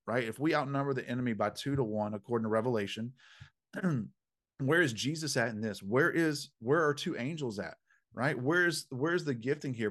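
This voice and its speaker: Man, guest, dream interpreter; energetic storyteller with a preacher's cadence and a mid-range voice. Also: medium pitch. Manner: animated, emphatic, punchy slang; preacherly, faith-filled phrasing. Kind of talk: conversational storytelling.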